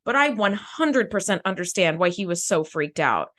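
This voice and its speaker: A woman co-hosting a podcast in casual chat, animated and swearing freely as she acts out quotes. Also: mid-range voice, normal speed. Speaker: podcast co-host.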